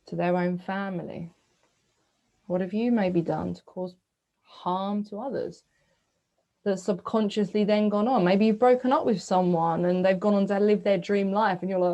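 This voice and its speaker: Soft-spoken woman coaching reflection. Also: medium pitch, fairly even intonation, lo-fi sound. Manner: soft, searching, asks listeners questions with a gentle 'hmm?'; breathy sighs, slow reflective pauses. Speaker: spiritual coach. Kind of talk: guided self-reflection talk.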